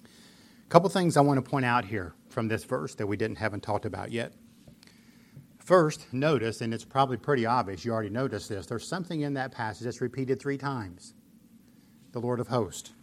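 A man's voice: mid-range voice, animated, moderate pace, long pauses. A man preaching a sermon, explaining scripture earnestly and pressing points with emphatic repetition. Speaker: pastor.

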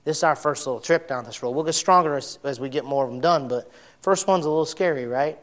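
A middle-aged man preaching a sermon, folksy and blunt, swinging from loud shouts to soft, emotional storytelling. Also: on the high side, fast. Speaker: pastor.

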